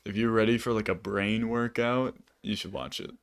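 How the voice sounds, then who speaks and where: A man talks through a film on a casual podcast, meandering and full of fillers. His voice sits low and easygoing. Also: fairly even intonation, moderate pace. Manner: rambling, many fillers. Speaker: podcast co-host. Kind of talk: casual movie review chat.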